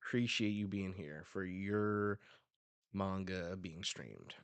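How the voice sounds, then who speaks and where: A man reacting on a live stream as he reads a manga, talking casually and excitedly into a close desk mic. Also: deep voice, slow pace, clean tone, dry recording.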